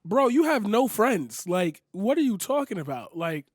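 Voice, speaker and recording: A young man reacting to online posts on a close desk mic, his voice high and the sound completely dry. He is sarcastic and incredulous, swearing often and peppering every thought with "like" and "bro". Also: very animated, moderate pace, no echo. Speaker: commentary streamer. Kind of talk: reaction commentary.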